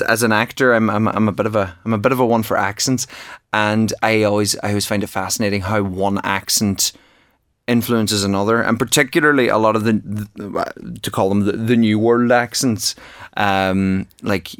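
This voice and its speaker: A man on the low side, with a smooth and fairly bright tone, talks about his book as an interview guest. He's an author and actor, keen in this conversational exchange, with many false starts and repeated words. Studio quality, no echo.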